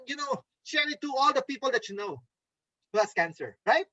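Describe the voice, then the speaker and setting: Upbeat high-voiced male trainer. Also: lively intonation, a little fast, bright, forceful tone, dry recording, muffled recording. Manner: upbeat, coaxing, keeps asking "okay?"; mimics gloomy voices to make a point. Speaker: network marketing trainer. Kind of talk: motivational training talk over video call. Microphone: video call microphone.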